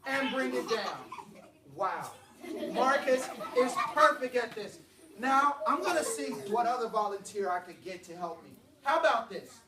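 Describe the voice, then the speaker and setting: A man, a children's author, reading aloud to a classroom of young kids, playful and lively, leading call-and-response. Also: very high-pitched, a little slow, crowd noise. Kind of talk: animated classroom read-aloud. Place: classroom, indoors. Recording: echoey classroom heard from far off.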